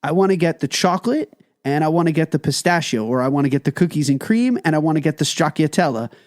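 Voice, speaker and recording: A man's voice: fairly high pitch, animated, fast, a little mellow, no echo. Emphatic man, dry close mic. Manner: enthusiastic, emphatic, tells stories. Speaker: podcast co-host. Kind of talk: casual food podcast chat.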